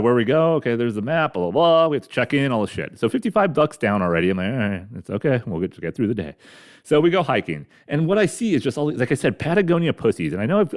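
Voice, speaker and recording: A middle-aged man grumbling through a profane, rambling comedic rant as a podcast host, talking carefully after mouth surgery. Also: mid-range voice. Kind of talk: ranting comedic monologue.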